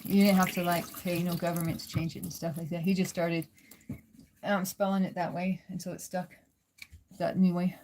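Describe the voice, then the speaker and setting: A woman's voice: lowish voice, little pitch movement, normal speed, a little mellow, slight background noise. A woman hosting a casual livestream, chatting with viewers, reading their comments and laughing often. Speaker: livestream host.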